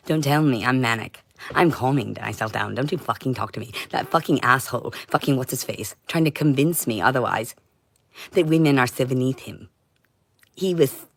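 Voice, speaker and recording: A woman streaming a rambling monologue, intense and profane, swinging between shouting and muttering. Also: a bass voice, husky. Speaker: livestreamer.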